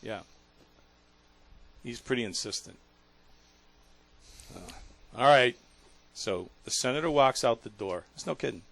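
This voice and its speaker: A man hosting a talk radio show, telling a story in an earnest, emotional way with halting restarts. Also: mid-range voice, animated, creaky, a bit bright, no echo.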